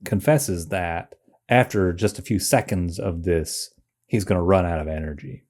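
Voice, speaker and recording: Low mellow man musing over comics. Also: moderate pace. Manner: thinking aloud, hesitant with many fillers. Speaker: podcast co-host. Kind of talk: casual chat about comics.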